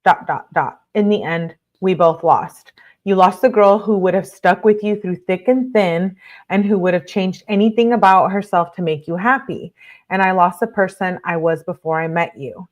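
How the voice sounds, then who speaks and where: A woman's voice: fairly low pitch, normal speed, lo-fi sound. Outraged woman reading aloud live. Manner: reads aloud then reacts with blunt outrage, filler-heavy. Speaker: livestream host reading court documents. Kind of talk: casual live commentary.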